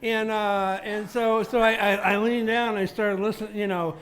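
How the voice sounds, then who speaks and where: Open mic musician, man, high voice, halting deadpan tale-teller, faint music behind. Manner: halting, repeats words, deadpan tall tales. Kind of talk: rambling stage banter.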